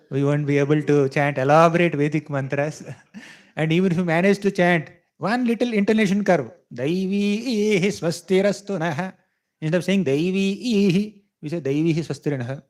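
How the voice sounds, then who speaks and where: A man giving a devotional scripture talk to a live audience, teaching in a conversational way, often checking "right?" and chuckling as he explains. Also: on the high side. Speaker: temple speaker teaching scripture. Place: temple hall with audience.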